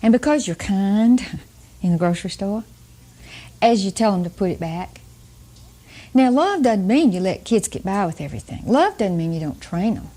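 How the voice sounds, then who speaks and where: Older female Bible teacher, warm and relaxed, folksy and chatty with frequent laughs. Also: medium pitch, moderate pace. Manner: chatty, laughs often, asks the audience questions.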